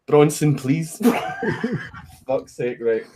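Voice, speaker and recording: A man's voice: a little high, very animated, very slow, warm tone, a little hiss or hum. Swearing Scottish man telling stories. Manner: swears often, laughs through his stories. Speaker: streamer. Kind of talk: casual livestream chat. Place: home, at a computer, with a puppy. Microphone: desk microphone.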